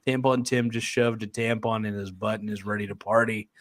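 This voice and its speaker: A man's voice: on the low side, fairly even intonation, a little fast, no echo, clean studio sound. A man hosting a casual livestream, reading viewer comments aloud and laughing often. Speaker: livestream host.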